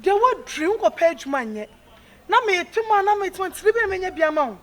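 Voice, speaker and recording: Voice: very high voice, expressive, quick pace, fairly bright tone. A performer in a comedy skit, talking in an insistent, scolding way. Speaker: comedy actor. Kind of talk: comic skit acting.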